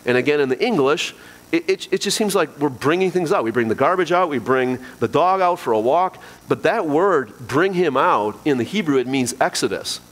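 A man on the high side, with lively intonation and a fairly bright tone, preaches at a moderate pace. The pastor addresses his congregation directly, earnest and emphatic as he repeats key phrases, captured with long hall reverb.

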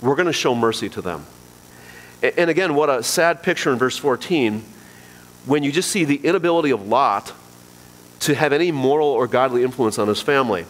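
A pastor with a medium-pitched voice preaches a little fast to his congregation, addressing them directly. He's earnest and emphatic, repeating key phrases, and the recording carries a long hall reverb.

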